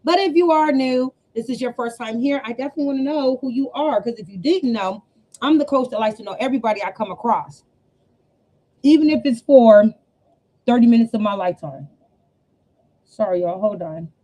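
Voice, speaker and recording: A woman's voice: fairly high pitch, lively intonation, a little fast. A woman business coach hosting a casual livestream, chatty and familiar, calling her viewers y'all and honey. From US West Coast. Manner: chatty, warm slang, laughs often, addresses viewers as y'all and honey. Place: home room. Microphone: webcam setup with two cameras.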